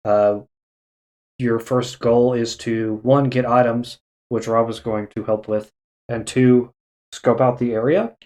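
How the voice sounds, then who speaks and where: A man narrating a tabletop game as dungeon master, unhurried and halting with many fillers. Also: mid-range voice, a little mellow.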